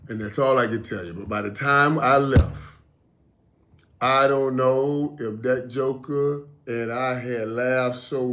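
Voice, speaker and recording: A middle-aged man telling a personal story casually, emphatic and animated, repeating phrases for weight. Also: medium pitch. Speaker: vlogger.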